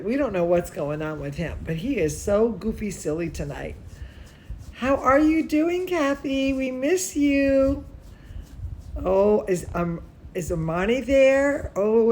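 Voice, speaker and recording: A young woman teaching dance, chatting gently and playfully with children and a puppet at story time. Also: on the high side, expressive, slow, a little hiss or hum. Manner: sing-song, gentle, talking to a puppet. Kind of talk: casual chat with children online. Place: home.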